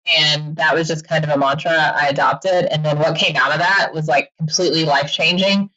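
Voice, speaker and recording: A woman talking as a podcast guest in a casual, animated way, laughing often and acting out quick quoted asides. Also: low voice, muffled recording. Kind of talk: casual interview chat.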